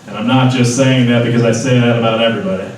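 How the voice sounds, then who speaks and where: A man's voice: medium pitch, fairly even intonation, fast, slight background noise. A man hosting a live event, upbeat and talking straight to the audience as he brings on the next speaker. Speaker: event host. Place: large echoey hall with an audience. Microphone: distant from the microphone. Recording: echoey hall from far off.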